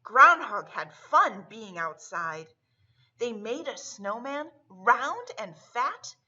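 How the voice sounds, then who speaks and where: Librarian lady reading to kids, high lively voice, slightly lo-fi. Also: slightly rough. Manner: warm, slow, sing-song delivery for kids. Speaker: children's librarian. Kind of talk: storytime reading for children.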